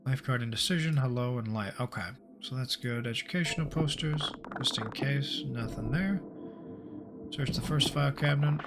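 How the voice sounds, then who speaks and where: A man streaming a horror game reads its story text aloud in a mid-range voice at normal speed, game music underneath. He plays along with easygoing jokes and swearing asides.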